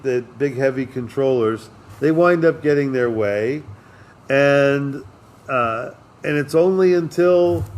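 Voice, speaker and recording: A man's voice: medium pitch, a little mellow. A man hosting a podcast who talks in a loose, rambling way, mixing big ideas about history and love with jokes and lots of fillers. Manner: philosophical, joking, with many fillers. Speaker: podcast host. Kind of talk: casual rambling talk.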